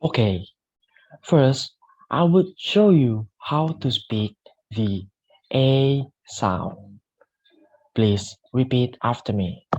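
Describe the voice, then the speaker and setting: Young guy teaching vowel sounds super slow, repeat after me, muffled lo-fi mic, mid pitch. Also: a little mellow, slightly rough. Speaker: student giving a pronunciation lesson. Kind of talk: classroom pronunciation drill.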